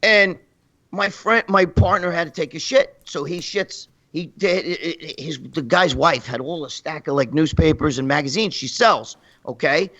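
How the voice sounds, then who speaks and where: Bright, high-voiced New man rambling. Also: unhurried, dull audio. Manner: profane, rambling, laughing through stories. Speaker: guest storyteller. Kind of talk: crude comic anecdote.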